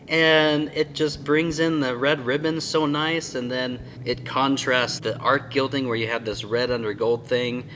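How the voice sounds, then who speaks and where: A man's voice: medium pitch, fairly even intonation, a bit bright, slight background noise. Chatty enthusiastic man reviewing a Bible. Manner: enthusiastic and chatty, often amused by his own slips; sounds out hard words slowly. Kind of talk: casual product review vlog.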